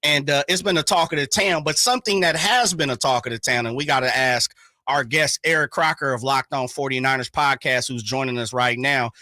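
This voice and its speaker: Male sports radio host, bright and punchy, dry studio sound. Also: medium pitch, dry recording. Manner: hyped, slangy, talks in quick bursts. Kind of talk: casual sports talk radio.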